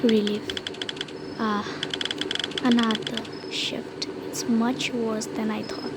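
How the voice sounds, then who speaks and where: A woman's voice: fairly high pitch, flat delivery, takes it slowly, very noisy. A woman, commenting nervously on a horror game as she plays, often dropping to a whisper and pleading. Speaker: gamer playing a horror game. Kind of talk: casual gameplay commentary. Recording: loud typing and clicks behind.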